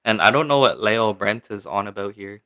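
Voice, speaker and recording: A man's voice: on the low side, expressive, fairly quick, sharp tone. Chatty young man answering his livestream chat. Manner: chatty and rambling, many fillers, reads chat questions aloud. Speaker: livestream host. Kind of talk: casual livestream chat, answering viewer comments.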